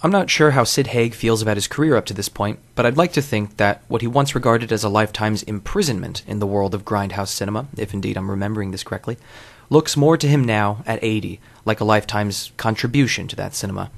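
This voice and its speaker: A man hosting a podcast, reading wordy, wry essays in a deadpan way. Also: on the low side, fast talker, creaky. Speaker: podcast host. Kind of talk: scripted essay narration.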